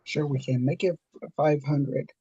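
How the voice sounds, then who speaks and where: A relaxed man hosts a casual movie livestream. His voice is deep in tone and husky. It comes across dry and muffled, on a lo-fi mic. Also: a little slow, no room sound. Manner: laid-back, plugs his channels. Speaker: livestream host.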